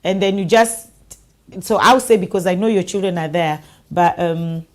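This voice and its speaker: A woman's voice: lowish voice, moderate pace. A woman hosting an online talk show, speaking conversationally and reading out viewer comments.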